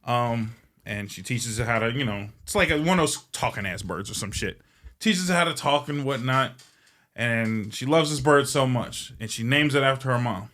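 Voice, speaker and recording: A man's voice: medium pitch, bright, forceful tone. A man hosting a podcast, telling a long joke in a casual, rambling and profane way. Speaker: podcast host. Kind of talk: casual storytelling.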